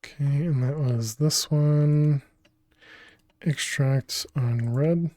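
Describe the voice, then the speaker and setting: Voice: mid-range voice, very slow, mellow, no echo. A game streamer talking through a build during a live stream, muttering and restarting sentences as they think aloud, from a home room on a desk microphone. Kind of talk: casual live-stream gameplay commentary.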